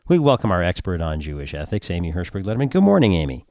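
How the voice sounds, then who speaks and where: A man's voice: deep voice, wildly swooping pitch, fast talker, a little mellow, no room sound. A man hosting a radio talk show, conversational with playful wordplay.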